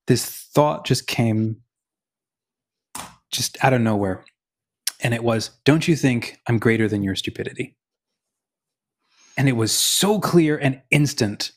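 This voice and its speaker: Male podcast co-host, mid-pitched, casual storyteller who acts out quotes. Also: a little slow, pauses often. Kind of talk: casual conversation on faith.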